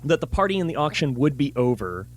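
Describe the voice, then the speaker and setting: A man's voice: medium pitch, big pitch swings, fast talker, crowd noise. A man playing in a tabletop game, talking casually and a little hesitantly. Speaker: player.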